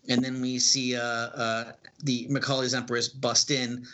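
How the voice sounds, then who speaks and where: A man's voice: medium pitch, flat delivery, normal speed, hardly any pauses, bright, forceful tone. A man co-hosting a podcast, casually narrating comic book panels with fillers. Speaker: podcast co-host reading a comic. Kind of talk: casual comic read-aloud.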